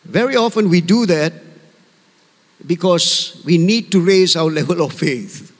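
High-voiced man preaching in a reverberant hall. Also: unhurried. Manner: earnest, conversational preaching with calls for amen. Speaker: pastor. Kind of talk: sermon.

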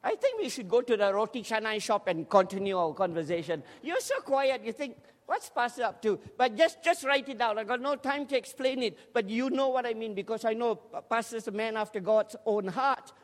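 A man preaching a lively, humorous sermon in a large church hall, joking with the congregation and urging them to respond. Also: very high voice, fairly quick, hardly any pauses. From Scotland. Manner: energetic, jokey, urges the crowd to respond. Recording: long hall reverb in a church.

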